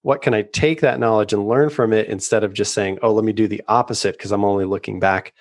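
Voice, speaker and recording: A man hosts an interview in a low voice, affirming and chatty, circling through his questions. The sound is dry and close to the mic. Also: fairly even intonation, fast, no room sound. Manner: affirming, chatty, repeats himself while asking questions. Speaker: host. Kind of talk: casual interview.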